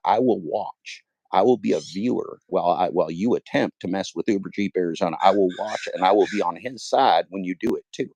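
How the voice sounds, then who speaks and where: Livestream host, man in his fifties, very deep voice, dry close sound, rambling and profane, repeats himself. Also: fairly quick, vocal fry, few pauses, no room sound. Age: 50s. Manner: rambling, profane, repeats phrases, swings loud and high when worked up. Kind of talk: casual livestream monologue.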